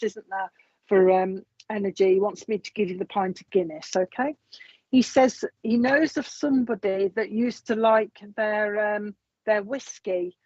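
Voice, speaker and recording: A woman's voice: medium pitch, a little mellow, dry recording, dull audio. A woman with a British accent giving live psychic readings, chatting as she passes on messages and reads out viewer comments. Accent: British English. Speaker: psychic medium. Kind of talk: live online mediumship readings.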